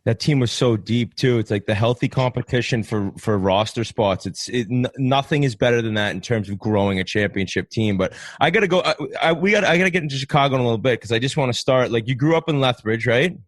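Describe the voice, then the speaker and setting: A man co-hosting a podcast, asking blunt questions in a casual, joking way with plenty of swearing. His voice is mid-pitched and sounds close and dry. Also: fast, hardly any pauses, no room sound. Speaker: podcast co-host. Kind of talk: casual interview chat. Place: studio.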